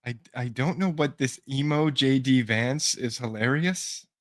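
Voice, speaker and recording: A man's voice: medium pitch, unhurried, no room sound. A man co-hosting a casual podcast who teases his partner, laughs a lot and reacts with disbelief. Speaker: podcast co-host. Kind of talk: casual chat.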